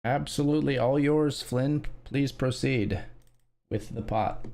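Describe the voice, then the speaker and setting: A man streaming his online poker session, narrating the hands as they come. He talks loosely and wryly, thinking out loud and throwing in curses. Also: mid-range voice, unhurried, vocal fry. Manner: profane, wry, thinking aloud. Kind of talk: casual live-stream commentary.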